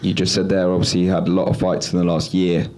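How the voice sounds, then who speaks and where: A male reporter asks questions at a press conference in a very low, flat voice. He speaks in a measured way, hedging with fillers, and faint room noise sits behind him.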